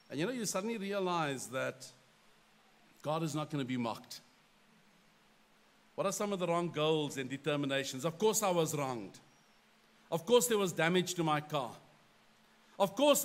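A middle-aged man with a fairly high voice preaches a sermon. He tells a story from his own life in an animated way. He pokes fun at himself as he goes. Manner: animated storyteller, self-deprecating. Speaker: pastor.

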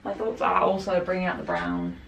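A woman's voice: fairly low pitch, big pitch swings, fairly quick, gravelly, recorded from a distance, dull audio. A woman in her twenties chatting casually while styling a friend's outfits, peppering her talk with "like" and laughing often. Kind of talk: casual chat. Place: indoors at home by a wardrobe. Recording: roomy, off-mic, faint room hum.

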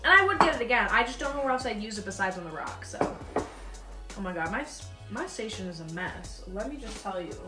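Speaking a little fast and expressively at medium pitch, a young woman tries food on her vlog and talks bluntly and casually. The recording is echoey and distant-miked, with faint background music.

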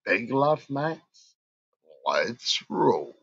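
A drunk Australian man rambles through a casual livestream, cursing at every turn. He talks slowly and drawls his way from one thought to the next. The sound is dry and lo-fi, with no room echo. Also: mid-range voice, very animated, creaky, fairly bright tone. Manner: rambling and heavily sweary. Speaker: livestream host.

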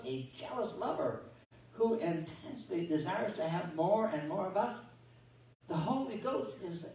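A man's voice: on the high side, darkish tone, a little hiss or hum. A man preaching a sermon as pastor, folksy and conversational, telling stories and reading scripture with many restarts and asides. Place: church sanctuary. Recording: echoey church sanctuary from far off.

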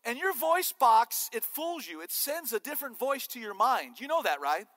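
A man preaching a sermon as pastor, animated and joking with his listeners. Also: very high voice, moderate pace, long reverb tail. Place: church sanctuary.

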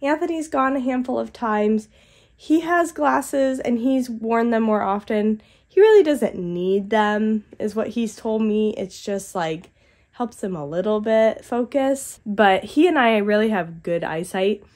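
A young woman with a stuffy head cold, chatting casually to her vlog audience from a quiet house and rambling as she thinks aloud. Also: fairly high pitch, unhurried. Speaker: vlogger and mother. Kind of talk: casual vlog talk to camera.

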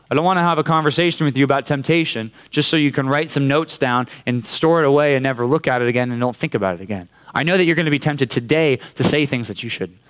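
A young man with a Californian accent preaching a casual sermon to a youth group, conversational and often checking in with "right?". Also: medium pitch. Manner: conversational, keeps asking "right?". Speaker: youth pastor. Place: church youth room.

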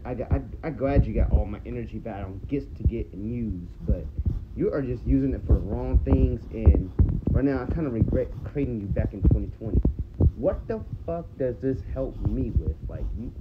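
A man's voice: mid-range voice, narrow, tinny audio, very noisy. Frustrated man arguing with himself. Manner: frustrated, profane, halting restarts. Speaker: skit creator. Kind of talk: self-dialogue skit.

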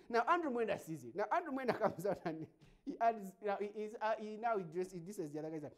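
Animated, gravelly-voiced Ugandan man. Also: high-pitched, fast. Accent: Ugandan English. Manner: animated, laughing, mocking. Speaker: show host. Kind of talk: casual comedic monologue.

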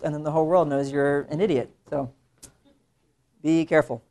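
A young adult man, an illustrator, giving a casual classroom talk to students, conversational and animated, slipping into mimicked voices for quoted asides. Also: on the high side, normal speed, long pauses, a little hiss or hum.

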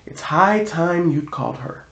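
Guy doing a calm old centaur teacher, measured and dry, a bit softer, roomy echo. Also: a little high, vocal fry, pitched above the performer's own voice, heavily acted.

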